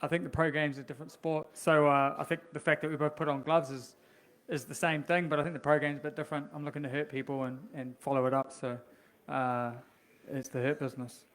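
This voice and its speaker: New male fighter, raised pitch, joking but confident. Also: level tone, brisk, a bit bright. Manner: cheeky, joking, then tough talk. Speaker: boxer. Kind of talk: post-weigh-in interview.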